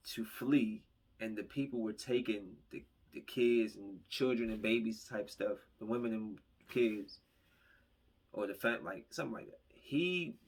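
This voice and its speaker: A man's voice: fairly low pitch, vocal fry, husky. A man reviewing a movie on his podcast, retelling the plot in a loose, rambling way and acting out the characters' lines.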